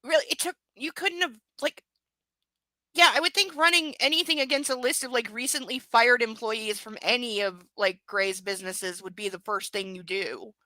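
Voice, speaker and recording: A woman's voice: on the high side, steady tone, moderate pace, sharp tone, no echo, rough recording. A woman doing a live book reading, breaking off into sarcastic, exasperated commentary with swearing. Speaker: reader and commentator.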